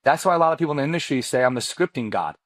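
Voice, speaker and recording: This is a man in his forties whose first language is not English. He tells a long personal story to a podcast host, casual and slangy, with lively pitch swings. His voice sits in a middle register and sounds dry and close. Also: rapid-fire, no room sound. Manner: lively, acts out quoted dialogue with big pitch jumps. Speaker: podcast guest, mortgage loan officer. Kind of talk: animated storytelling in a podcast interview.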